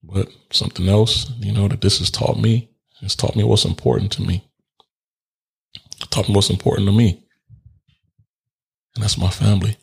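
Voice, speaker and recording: A man's voice: lowish voice, steady tone, normal speed, gravelly, pauses often, slightly rough. A man telling a personal story in a candid, reflective way, laughing often and swearing casually as he works through grief. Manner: reflective and grieving.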